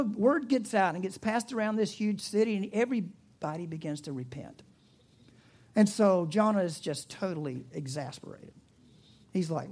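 A man's voice: high-pitched, darkish tone. A man with a Southern US accent preaching a sermon, retelling a story in a chatty, humorous way with asides and restarts. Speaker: pastor.

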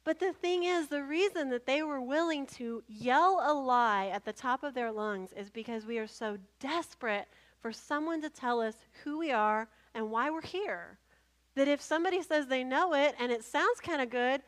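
Lady pastor preaching, high voice, funny lively storyteller. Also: moderate pace. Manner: humorous, animated storyteller. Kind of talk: sermon.

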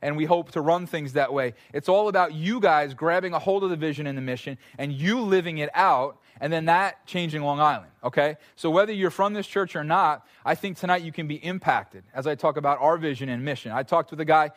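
Lively, slightly high-voiced male pastor. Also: fairly quick, hardly any pauses. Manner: animated, conversational storytelling with playful asides. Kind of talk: sermon. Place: church service.

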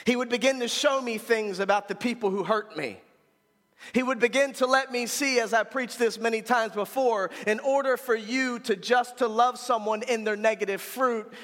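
A man preaching a sermon as pastor, talking frankly and colloquially and building to shouts. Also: high-pitched, long reverb tail.

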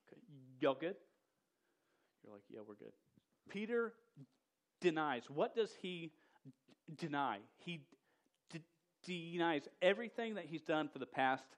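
A man preaching a sermon in a casual, slangy way, often stuttering and repeating the start of words. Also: on the high side. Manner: says "dude" and "y'all".

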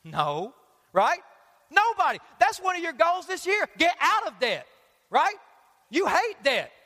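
A pastor gives a lively, joking sermon, addressing the congregation directly. His voice is very high and bright. Long hall reverb surrounds him. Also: a little slow. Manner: energetic, joking, talks straight to the crowd. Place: large church auditorium.

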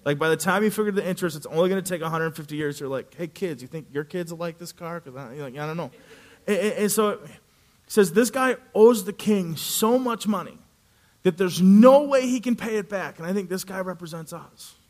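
A male pastor preaching a sermon, telling a story with animated delivery and acting out the characters' voices. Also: high voice, fairly quick.

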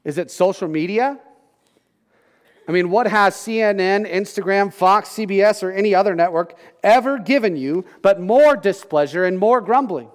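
A man preaching a casual, conversational sermon as pastor, with joking asides and quick bits of acted-out crowd talk. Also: high-pitched. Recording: long hall reverb.

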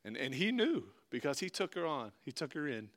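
A man's voice: a little high, sing-song, brisk, a bit bright. A male preacher giving a sermon, reading scripture aloud and then explaining it in an earnest, conversational way.

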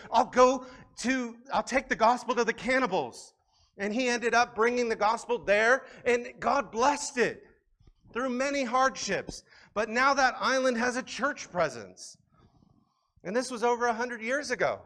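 A man preaching a sermon in a conversational, animated way, often restarting his phrases. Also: extremely high pitch, moderate pace. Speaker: pastor.

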